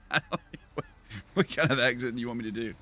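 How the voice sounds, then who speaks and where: A man's voice: mid-range voice, pushed and bright. A man with a Southern US accent chatting loosely with viewers while he streams a video game, rambling and laughing often. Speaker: gaming streamer. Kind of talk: casual livestream chat while playing.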